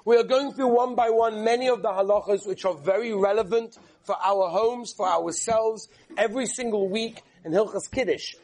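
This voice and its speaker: A man's voice: high voice, normal speed, darkish tone. A man, a rabbi, giving a live class, rambling and joking with his listeners between points. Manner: rambling, chatty storyteller who jokes with the room. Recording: live room with audience crowd. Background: audience murmuring and laughing.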